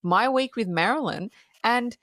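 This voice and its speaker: A woman's voice: fairly high pitch, animated, measured pace, fairly bright tone, dry recording, clean studio sound. A woman co-hosting a film review podcast, chatting casually, swearing a lot and acting out lines from the film. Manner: swears freely, acts out quotes, laughs often. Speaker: podcast co-host.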